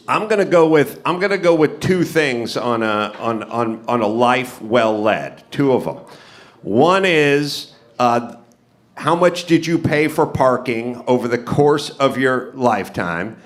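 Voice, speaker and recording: Animated, storytelling male podcast host. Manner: animated, acts out dialogue with big pitch swings. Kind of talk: live comedy podcast storytelling. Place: live podcast on stage before an audience.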